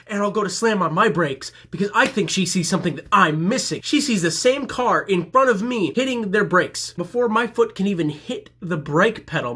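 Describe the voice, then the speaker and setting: Man for a comedic story-time vlog, self-mocking delivery, bright slightly husky voice, highish pitch. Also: animated, brisk.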